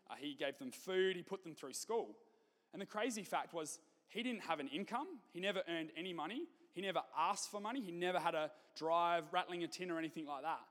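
A man preaching a sermon in a church, telling stories with lively, jokey asides. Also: fairly high pitch, big-room sound. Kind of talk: sermon with storytelling.

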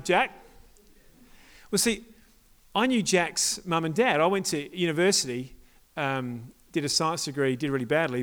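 A man's voice: a little high, fairly bright tone. A young man giving a casual, joking sermon to a youth group, often asking the crowd questions.

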